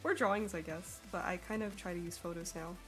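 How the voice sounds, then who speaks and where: A young woman with an American accent, chatting with her live-stream audience while she draws, bubbly and quick to laugh. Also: on the low side, steady tone, faint music behind. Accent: General American. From Sweden. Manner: bubbly, giggly, reads chat aloud. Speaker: artist streamer.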